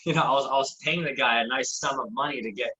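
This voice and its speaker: A man's voice: medium pitch, fast, pushed and bright, poor audio. A man hosting a casual fitness podcast, talking in a loose, rambling way with lots of restarts. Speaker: podcast host. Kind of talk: casual chat.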